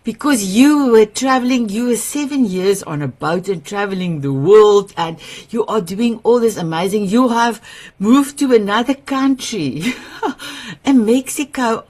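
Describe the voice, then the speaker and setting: A woman's voice: mid-range voice, lively intonation, unhurried, darkish tone. South African woman, gushing and emotional. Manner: emotional, laughs often, gushing and affectionate. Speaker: summit host. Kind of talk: heartfelt personal sharing on a live video call.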